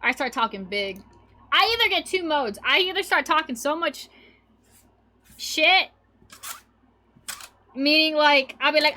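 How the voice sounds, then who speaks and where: A woman's voice: sits high, lively intonation, unhurried, long pauses, pushed and bright. A young woman streamer in casual, rambling chat with her viewers, laughing often as she talks. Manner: rambling and giggly, chatting with viewers.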